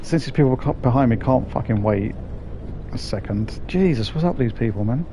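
A man's voice: medium pitch, expressive, a little fast, mellow, slight background noise. A man streaming a bus simulator, swearing and joking with his chat as he plays. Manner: sweary, jokey banter with chat. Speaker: gaming streamer. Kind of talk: live gameplay commentary.

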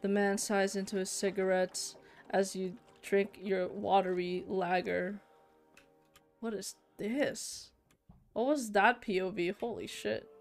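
A woman's voice: medium pitch, level tone, unhurried, faint music behind. A woman playing a story game, reading its narration aloud and breaking off into candid reactions. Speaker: let's play gamer. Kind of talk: reading game text aloud with casual commentary.

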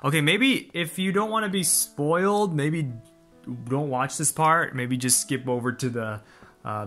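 A man chatting through an unboxing on camera, easily excited and quick to gush. His pitch swings widely and his tone is bright and forward, with faint music playing underneath. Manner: excitable, gushing, lots of wows and laughs. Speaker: toy unboxing vlogger. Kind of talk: casual unboxing commentary.

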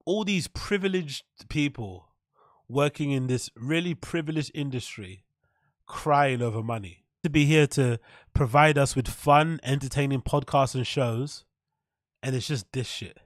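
Over a podcast clip, a man riffs in casual stream commentary, sarcastic, mocking and laughing often. His mid-pitched voice sounds close and dry, with no room around it and no echo.

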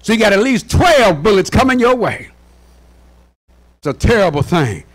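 A man preaching a fervent sermon in a church, often shouting and repeating "watch this" to rally the congregation. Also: high voice, sing-song, normal speed. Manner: shouting, repeats "watch this", folksy call-and-response. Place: church sanctuary.

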